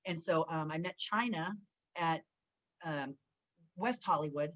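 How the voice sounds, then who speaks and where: This deep-voiced woman speaks unhurriedly in a casual interview, a Southern Californian in her forties who used to wrestle. Animated in her storytelling, she acts out quoted lines and uses many fillers, and the recording is rough.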